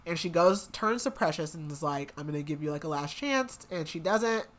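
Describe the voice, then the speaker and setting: Recapping a book's plot on a podcast, this young woman speaks at a moderate pace with lively intonation in a somewhat low voice. Her casual, rambling style is packed with "like" and "um," and she slips into the characters' quotes as she goes.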